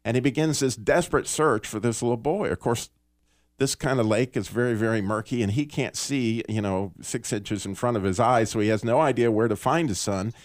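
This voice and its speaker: A man hosting a Christian radio talk show, telling a story in an earnest, animated way with small restarts. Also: mid-range voice, brisk, no echo, studio quality. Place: radio studio.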